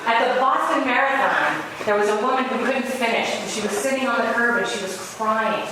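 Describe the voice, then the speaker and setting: A woman giving a sermon, telling stories in a loose, conversational way. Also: a little high. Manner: conversational storytelling. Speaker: spiritual speaker. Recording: very echoey room, voice far from mic, ambient noise.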